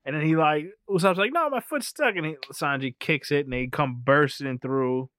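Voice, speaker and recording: A man's voice: a little high, steady tone, normal speed, fairly bright tone, smooth, dry recording. A man in casual, profane chat, rambling through a movie recap and laughing often. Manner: rambling, laughs often, keeps saying anyway.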